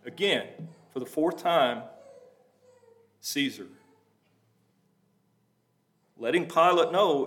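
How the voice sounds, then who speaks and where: A man's voice: fairly high pitch, expressive, takes it slowly, long pauses, a bit bright. A man preaching a sermon, reading scripture aloud and breaking into plain conversational asides to explain it.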